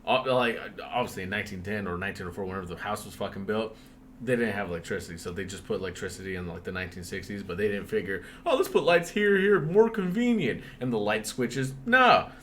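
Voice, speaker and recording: A man's voice: sits low, fast talker, a little hiss or hum. Casual man telling a spooky story. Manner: swearing, animated, laughs often. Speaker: podcast host telling a story.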